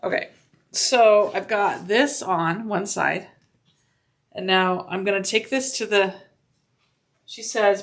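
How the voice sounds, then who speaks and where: Woman sewing-demo host, gushy and excitable, mid pitch, a little vocal fry, wanders off-mic now and then. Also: slow, pauses often. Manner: gushing and excitable, talks to herself while working. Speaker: sewing demonstrator. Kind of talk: casual sewing demonstration.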